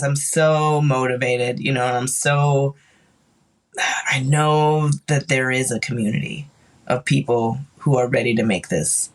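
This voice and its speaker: A podcast guest with a soothing, calm voice, talking thoughtfully with many fillers in casual chat. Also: medium pitch.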